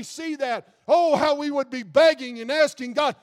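Male pastor, very high voice, conversational sermon turning fervent, long hall reverb. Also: normal speed, hardly any pauses. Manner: conversational preaching that builds to fervent intensity. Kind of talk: informal sermon.

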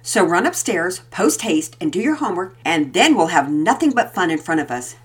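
A woman's voice: on the low side, sing-song, moderate pace, slightly rough, heavily acted. Woman doing a jolly, easygoing storybook dad. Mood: hearty.

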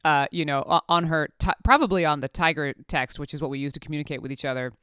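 A woman's voice: sits low, fast talker, fairly bright tone, clear, resonant tone, no echo, clean studio sound. A woman telling a workplace story in a casual, rambling way, full of fillers and wry asides.

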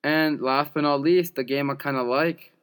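A man's voice: on the high side, steady tone, normal speed, a bit bright, clean tone. A young man co-hosting a podcast, talking through games and betting picks in an easygoing way and laughing along. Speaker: podcast co-host. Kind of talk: casual sports-betting chat.

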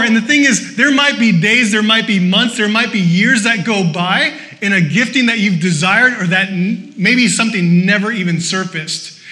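Male pastor with a high, bright voice. Delivers a lively, joking sermon with punchy repeated exhortations. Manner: lively and conversational, with joking asides; exhorting, repeating short phrases.

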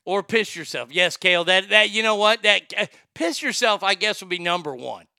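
Loud profane man with a bright voice. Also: high voice, normal speed, vocal fry, no room sound, clean studio sound. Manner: loud, profane, excitable, laughs at own jokes. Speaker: show host. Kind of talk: crude comedic talk show rant.

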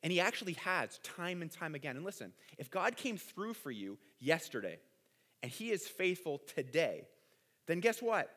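A male pastor preaching in an earnest, conversational way, with a high, bright voice. He often repeats his words and keeps adding quick asides as he goes. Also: big pitch swings. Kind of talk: sermon.

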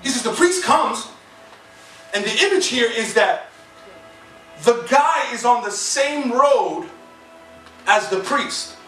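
High-voiced preacher, echoing from afar. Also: male voice, animated, slow pace, pauses often, bright, forceful tone. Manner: conversational, humorous storytelling with call-and-response. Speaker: pastor. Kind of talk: sermon. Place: church sanctuary. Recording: echoey hall from far off, with music.

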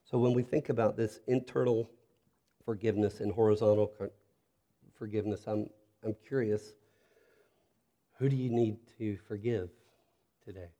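A man preaching a sermon as pastor, earnest and reflective, dropping to a soft, intimate tone when he speaks directly to listeners. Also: on the low side, steady tone, normal speed, pauses often.

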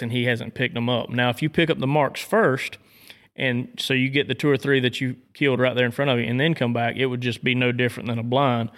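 A man from Georgia with a Southern accent, explaining dog training in a casual chat, measured and steady. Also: mid-range voice. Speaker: dog trainer and duck hunter.

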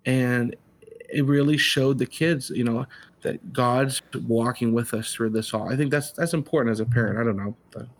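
A man's voice: medium pitch, normal speed. A middle-aged man, a father and interview guest, telling personal stories in an earnest, casual way, often restarting his sentences and acting out quotes. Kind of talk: casual storytelling.

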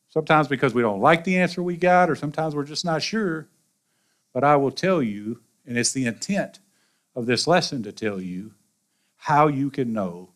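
A pastor with a Southern US accent preaching a sermon in a folksy, animated way with colloquial asides. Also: male voice, on the high side, normal speed. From American South.

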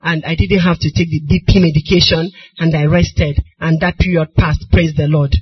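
A middle-aged woman with a Nigerian accent preaching a sermon, moving from soft storytelling to crying, shouted appeals. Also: low-pitched, fairly even intonation, moderate pace, slightly rough. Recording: dull lo-fi recording.

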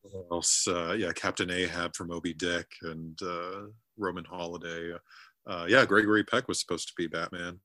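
Male co-host, low and bright-edged, halting delivery, dry sound. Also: little pitch movement, no room sound. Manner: halting, many uh fillers. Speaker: podcast co-host. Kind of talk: casual chat.

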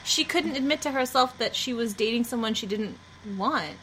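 A woman's voice: on the high side, expressive, moderate pace, background noise. A woman hosting a podcast, chatting and laughing often, a little self-deprecating. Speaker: podcast host. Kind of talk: casual chat.

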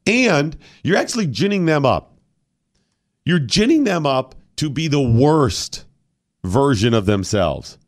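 A man's voice: medium pitch, no echo, studio quality. A male radio host giving argumentative, opinionated commentary and firing off rhetorical questions.

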